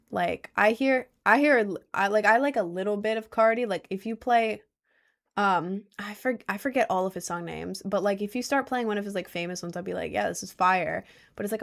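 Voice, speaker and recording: A teenage girl rambling into a headset mic, her mid-pitched voice full of vocal fry. She talks loosely and casually, dropping "like" every few words and laughing at herself now and then. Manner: chatty, many "like" fillers, laughs at herself. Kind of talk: casual rambling chat to viewers. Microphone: headphones with a mic.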